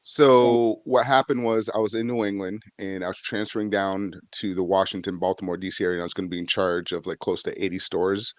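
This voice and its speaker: Low-voiced man telling his story. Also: flat delivery, brisk, few pauses, dry recording. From Vermont. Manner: rambling, filler-heavy storyteller. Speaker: guest real estate investor. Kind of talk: casual storytelling interview.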